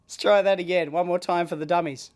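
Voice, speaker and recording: An Australian man with a high voice talks quickly as he hosts an electronics video, demonstrating a gadget at his bench. He's chatty and excitable, peppering his casual talk with blokey slang.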